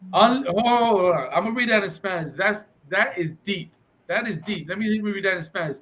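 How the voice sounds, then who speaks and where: A man teaching a class, reading passages aloud and restating them forcefully in English and Spanish. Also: sits high, animated, fairly quick, poor audio. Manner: preachy, reads text aloud and restates it, switches between English and Spanish.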